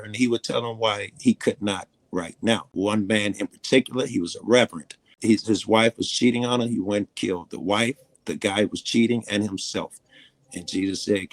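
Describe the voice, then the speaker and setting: A man's voice: on the low side, fairly quick, no room sound. A man telling long, earnest stories in a casual, rambling way, swearing freely. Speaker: guest storyteller. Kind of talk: casual storytelling.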